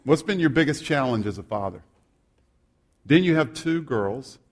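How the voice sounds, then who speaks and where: A man's voice: mid-range voice, expressive, moderate pace. A male pastor preaching a sermon, reading scripture aloud and adding humorous, self-deprecating asides.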